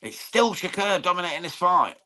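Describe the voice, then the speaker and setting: An English man hosts a live boxing stream in loose, chatty commentary, often calling his viewers mate and swearing now and then. His voice is bright and forceful and sits a little high. He's informal and talkative, like a mate talking over the fight. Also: big pitch swings, fairly quick. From England. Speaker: watchalong stream host.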